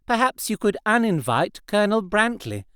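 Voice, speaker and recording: A man voicing a dry, sharp-tongued young woman in an audiobook. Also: sits high, big pitch swings, normal speed, clear, resonant tone, no room sound, pitched above the performer's own voice. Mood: wry. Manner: dry, sardonic.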